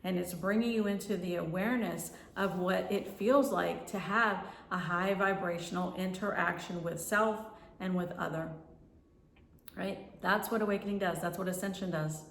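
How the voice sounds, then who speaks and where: A woman's voice: fairly low pitch, fairly even intonation, normal speed, gravelly, fairly bright tone, slight background noise. A woman spiritual life coach giving a flowing teaching monologue, repeating phrases and checking in with "right?". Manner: flowing, repetitive, tags lines with "right?". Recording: roomy, from far off the mic.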